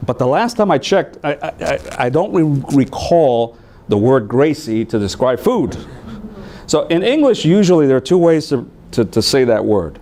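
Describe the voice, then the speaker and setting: A man training new teachers, telling stories in an animated way and acting out voices. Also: mid-range voice, moderate pace. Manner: animated storytelling, acts out voices.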